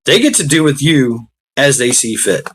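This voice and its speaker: A man's voice: medium pitch, lively intonation, normal speed, a bit bright, slight background noise. Brash streamer, mid-range male voice, blunt profane rant to his chat, frequent laughs. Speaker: livestream host. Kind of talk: casual ranting commentary to live chat. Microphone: computer mic on a live stream.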